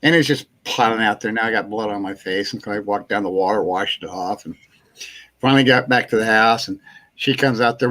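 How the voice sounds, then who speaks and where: A man's voice: lowish voice, fairly quick, pushed and bright. A man hosting a casual live chat show, telling a long rambling anecdote, chuckling and acting out what people said. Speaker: host.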